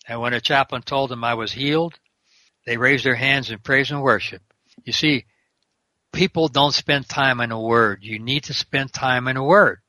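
A man's voice: medium pitch, normal speed, bright, forceful tone, no echo. An older man, a prison minister and guest, talking fervently in an interview and quoting scripture verse by verse. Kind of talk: preaching interview talk.

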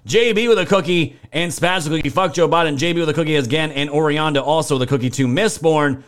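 This young male political livestreamer has a voice on the high side and talks at a quick pace. Indignant and emphatic, he curses freely while reading chat and calling out viewers by name to thank them.

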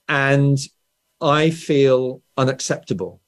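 A man's voice: medium pitch, lively intonation, moderate pace. Guest author, English man, standard Southern English accent, explanatory conversational manner. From England. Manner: explanatory, frequent "right?" tags and restarts. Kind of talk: conversational interview.

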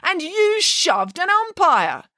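Pompous huffy headmaster guy, woman putting him on, way up high and swinging all over, dry sound. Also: wildly swooping pitch, takes it slowly, bright, forceful tone, no room sound, full character voice. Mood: indignant. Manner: indignant, exclaiming. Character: pompous blustering male school headmaster.

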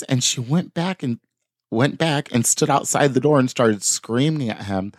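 A man's voice: medium pitch, measured pace, no room sound, studio quality. Man casually reading crime news. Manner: reads articles aloud with offhand asides. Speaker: podcast host. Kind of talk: casual podcast chat reading news stories.

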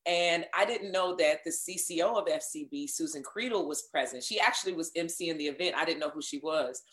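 A woman voiceover artist telling her career story in a casual interview, animated and acting out what people said. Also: low-pitched, fairly quick. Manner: animated, acts out quoted dialogue.

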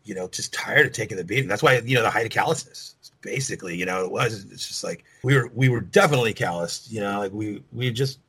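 Husky voice, middle-aged man, rambling and profane, interview guest. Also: fairly low pitch, quick pace, hardly any pauses, fairly bright tone, rough recording. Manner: profane, rambling, many "you know" fillers. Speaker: rock band lead singer, guest. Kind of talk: casual interview storytelling.

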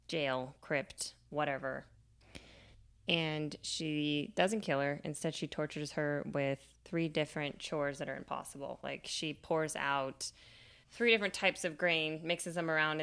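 Young female co-host, low smooth voice, chatty storyteller full of filler words. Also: pushed and bright. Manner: chatty, retells a myth with many fillers. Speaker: podcast co-host. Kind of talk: casual storytelling chat.

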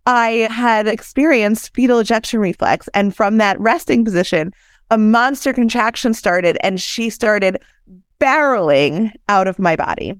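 A woman in her thirties tells her own story as a podcast guest, candid and animated, slipping into the voices of the people around her. Her voice sits a little high, and the sound is close and dry with no room around it. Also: unhurried, no echo. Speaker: podcast guest, doula and founder. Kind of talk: personal storytelling in conversation.

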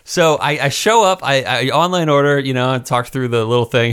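A man co-hosting a casual podcast, telling a story with halting restarts. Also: mid-range voice, fairly bright tone, smooth. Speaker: podcast co-host.

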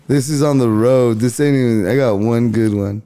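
A man's voice: medium pitch, normal speed, warm tone, smooth. A man from Riverside, California, telling a road story in casual chat, laid-back and swearing freely while acting out other people's lines. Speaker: comedian guest.

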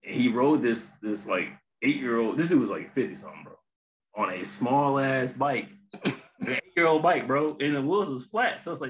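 A man's voice: medium pitch, animated, moderate pace, slight background noise, low-quality recording. A man co-hosting a podcast, telling a story in laid-back, slang-heavy talk. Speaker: podcast co-host. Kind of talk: casual chat.

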